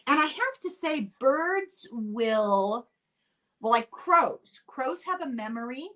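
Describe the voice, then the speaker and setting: A woman's voice: high voice, slow. Older woman host from ireland, chatty, voice bouncing all over, laughs a lot. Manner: chatty and animated, laughs often. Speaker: podcast host. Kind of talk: casual chat.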